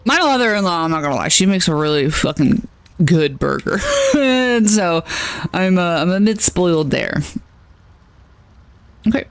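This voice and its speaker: Chatty woman streamer with a lively voice. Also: on the low side, moderate pace, pauses often. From United States. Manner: chatty, rambling asides, laughs often. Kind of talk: casual chat while playing a video game.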